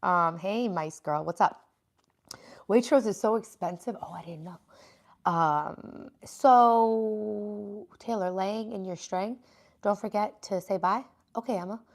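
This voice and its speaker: A woman talking to her livestream audience in an easy, chatty way. She reads viewer comments aloud and answers them as she goes. Her voice sits at an ordinary middle pitch. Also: slow pace, creaky. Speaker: livestream host. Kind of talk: casual livestream chat.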